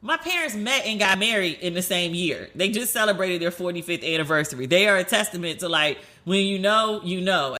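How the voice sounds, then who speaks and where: A woman hosting a solo podcast, telling stories in a chatty, animated way and acting out the people she quotes. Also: lowish voice, a little fast, hardly any pauses. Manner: chatty, animated, swears, acts out quoted dialogue. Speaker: podcast host.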